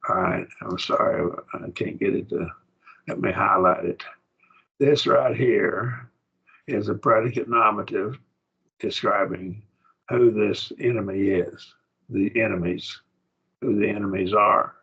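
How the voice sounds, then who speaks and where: A man's voice: fairly low pitch, fairly even intonation, measured pace, gravelly, fairly bright tone, husky, lo-fi sound. A man teaching a Greek grammar class, explaining patiently and often checking that students follow. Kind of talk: classroom lesson.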